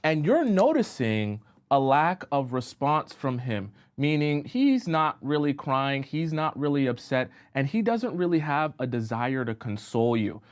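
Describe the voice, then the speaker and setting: A man coaching women on relationships in a live-stream talk, explaining slowly with repeated examples and checking whether listeners follow him. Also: medium pitch, sing-song. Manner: keeps checking in with listeners, asking if they follow.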